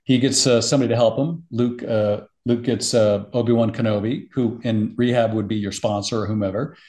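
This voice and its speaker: A middle-aged man, a podcast guest, talking in casual interview chat with an emotional, animated storytelling manner. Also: fairly low pitch, brisk.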